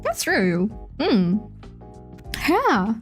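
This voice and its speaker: Woman, high voice, playful, rambling, giggly, streamer chat. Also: huge pitch swings, drawn-out words, soft background music. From Indonesia. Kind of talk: casual chat.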